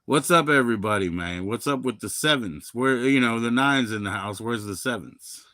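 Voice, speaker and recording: A man from Maryland, in middle age, hosting a rambling, profane livestream chat that swings from loud bursts to low mumbles. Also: normal speed, no room sound, studio quality. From Maryland, USA. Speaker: livestream host.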